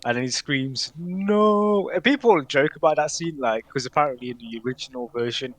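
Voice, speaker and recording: A man's voice: mid-range voice, fairly even intonation, quick pace, a bit bright. A man co-hosting a casual podcast chat, talking hesitantly with many fillers and restarts and laughing often. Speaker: podcast co-host.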